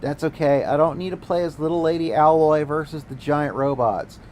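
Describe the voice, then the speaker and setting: A man's voice: on the high side, moderate pace, darkish tone, a little hiss or hum, rough recording. A man streaming a game, ranting casually and sarcastically with plenty of swearing. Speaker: gaming streamer. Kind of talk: casual ranting commentary while gaming.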